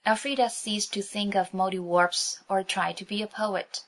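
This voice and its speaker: A woman narrating a children's audiobook in a clear, even storytelling manner. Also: mid-range voice, normal speed.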